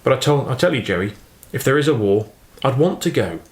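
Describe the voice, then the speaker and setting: Here the same kind of role comes across in a natural, sing-song voice of medium pitch, moving a little quickly: a man playing a fifteen-year-old farm boy who is eager and affectionate, for an audiobook. He sounds wistful, chatty, earnest and fond. There's a roomy echo on the recording.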